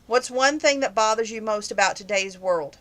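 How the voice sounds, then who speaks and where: A woman's voice: medium pitch, normal speed, a bit bright. A young woman answering viewer questions in a casual, opinionated chat that grows heated on some topics.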